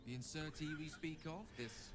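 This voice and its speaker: A man's voice: on the high side, normal speed, lightly acted. An actor playing a courteous, wordy male wizard, talking in a formal and elaborately polite way in a video game. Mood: earnest. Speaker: game companion character. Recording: game audio over background music.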